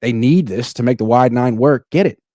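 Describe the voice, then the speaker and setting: A man's voice: mid-range voice, normal speed, dark tone, dry recording, clean studio sound. A man from California co-hosting a casual sports talk livestream, blunt and wry with firm opinions. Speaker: sports podcast co-host.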